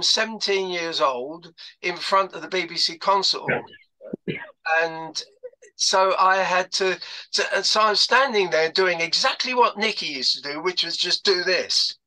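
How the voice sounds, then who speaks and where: A man's voice: high-pitched, sharp tone, low-quality recording. An older man telling stories about his past career on a video call, rambling with lots of fillers and restarts. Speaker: guest speaker. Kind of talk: anecdotal talk on a video call.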